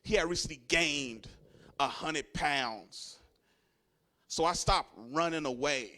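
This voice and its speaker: A man on a comedy club stage tells stories into a handheld mic. His voice sits a little high and leaps up into shouted punchlines, then sinks to a low mumble whenever he plays someone else. He swears freely and keeps checking in with the crowd. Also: slow pace. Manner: loud, animated storytelling with shouted punchlines. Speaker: stand-up comedian. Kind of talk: stand-up set.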